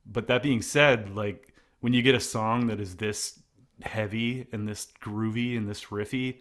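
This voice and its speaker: Rambling middle-aged man, low voice. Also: steady tone, a little slow, a bit bright. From United States. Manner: rambling, many restarts and fillers. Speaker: singer of a post-hardcore band. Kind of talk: casual interview talk.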